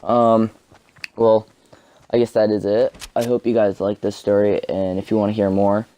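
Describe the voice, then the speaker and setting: Guy telling a story on his vlog, kinda low voice, says like a lot, rambly. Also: little pitch movement, normal speed, mellow. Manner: rambling, heavy use of "like" fillers. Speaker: vlogger. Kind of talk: casual storytelling.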